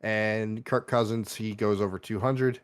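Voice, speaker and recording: A man's voice: fairly low pitch, steady tone, unhurried, clear, resonant tone, no room sound, studio quality. A man co-hosting a casual sports betting chat, laid-back, reasoning step by step with many fillers. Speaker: podcast co-host.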